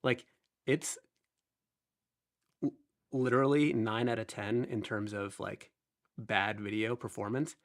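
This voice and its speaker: A man's voice: fairly low pitch, steady tone, slow pace, long pauses. Chatty man hosting a live stream. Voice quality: nasal. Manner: chatty, rambling, self-deprecating. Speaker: livestream host. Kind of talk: casual live-stream chat.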